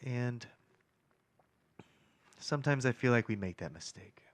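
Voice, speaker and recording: A man chatting on a podcast in a thoughtful, measured way, often stopping and restarting his sentences. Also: mid-range voice, animated, dry recording. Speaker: podcast co-host. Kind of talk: casual podcast chat.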